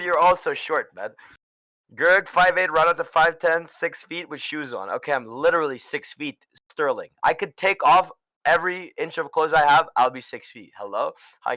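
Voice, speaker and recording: A man from the Caribbean, a guest streamer joking crudely with viewers in casual chat, switching between mutters and shouts. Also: mid-range voice, dry recording, clean studio sound.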